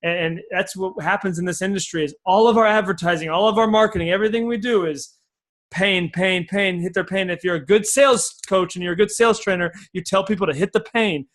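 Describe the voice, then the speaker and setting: A man speaking as a sales coach on a podcast, explaining his method in an energetic, folksy way and repeating key phrases. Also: high voice, fairly quick.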